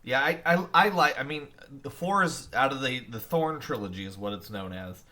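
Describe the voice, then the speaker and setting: A man talking on a casual podcast with a bright, forward voice. He's eager, tripping over restarts as he jumps in, and swears casually. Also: mid-range voice, moderate pace. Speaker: podcast co-host.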